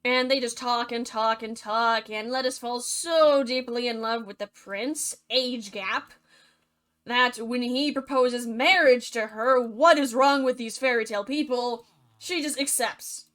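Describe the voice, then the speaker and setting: A woman's voice: fairly high pitch, unhurried, a bit bright. A woman retelling a fairy tale as comedy, with sarcastic, jokey asides in a bubbly manner. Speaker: narrator.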